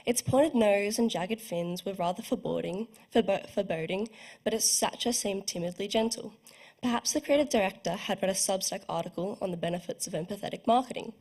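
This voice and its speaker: A woman's voice: medium pitch, brisk, a little mellow, husky. A young woman reads her own prose aloud at a launch, careful and evocative in her phrasing. Her voice sits at a middling height for a woman, with the occasional small stumble over a word. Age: young adult. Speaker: student writer reading her work. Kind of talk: literary reading.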